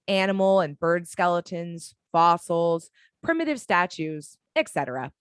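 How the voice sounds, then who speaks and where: A woman with a lowish voice narrates the action lines of a screenplay for a fan audio drama, delivering them dramatically and with measured pacing. There is no room sound on the recording.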